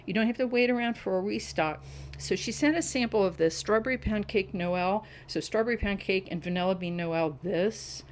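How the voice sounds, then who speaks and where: A woman's voice: mid-range voice, normal speed, a little hiss or hum, low-quality recording. A middle-aged woman chatting at home in a casual review vlog, enthusiastic and savoring each description. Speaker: wax melt reviewer. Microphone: camera on a tripod.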